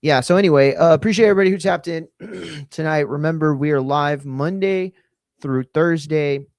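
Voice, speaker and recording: A man's voice: a little high, normal speed, dry recording. Man casually hosting a live stream, dry. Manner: loose, rambling, offhand with viewer shout-outs.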